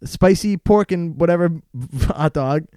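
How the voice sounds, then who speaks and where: Podcast co-host, male, high voice, animated, dry close sound. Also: a little slow, clear, resonant tone, no echo. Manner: animated, laughing rants about food. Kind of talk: casual chat.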